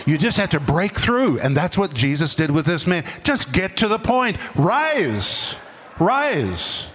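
In a church, a male pastor delivers an emphatic sermon, repeating words and suddenly dropping his voice for effect. His voice is a little high and fairly bright, with lively intonation and a moderate pace, and a long reverb tail trails behind it.

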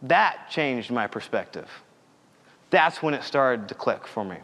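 A man's voice: mid-range voice, expressive, measured pace, fairly bright tone, big-room sound. A young man preaching a sermon in an earnest, conversational way, telling stories from his own life.

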